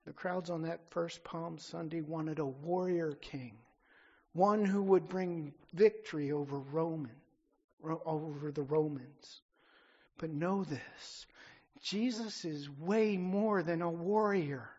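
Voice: medium pitch, slow pace, darkish tone, breathy edge, lo-fi sound. A pastor preaching a sermon with emphatic declarations that build and then drop back down.

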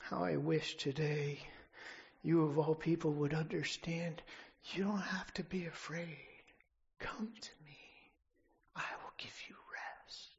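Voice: mid-range voice, level tone, unhurried, creaky, highs cut off. A preacher voicing a weeping, tender Jesus. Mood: pleading. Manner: pleading, softening into a whisper.

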